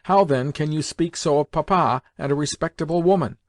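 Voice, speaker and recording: A man's voice: medium pitch, animated, a little fast, darkish tone, dry recording, clean studio sound, close to an everyday voice. A man voicing a young woman, an earnest younger sister, speaking in a raised, insistent, reproachful way. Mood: indignant.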